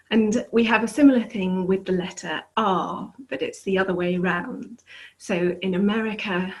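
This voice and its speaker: A woman with an English accent, an ESL teacher explaining language differences in a clear, deliberate way and demonstrating how words sound. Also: medium pitch, poor audio. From England.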